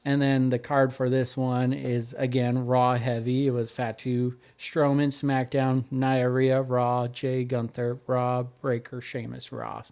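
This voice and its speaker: A man's voice: medium pitch, flat delivery, measured pace, few pauses, darkish tone, clean tone. A man co-hosting a podcast, reading through follow-up notes in casual chat with fillers. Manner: reads notes and lists, hesitant with fillers. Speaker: podcast co-host.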